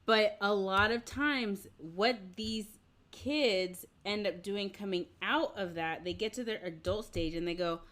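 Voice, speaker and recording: A woman's voice: medium pitch, a little slow, fairly bright tone. A woman hosting a podcast, talking casually and expressively, acting out the voices of people she quotes. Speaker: podcast host. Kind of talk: casual faith conversation.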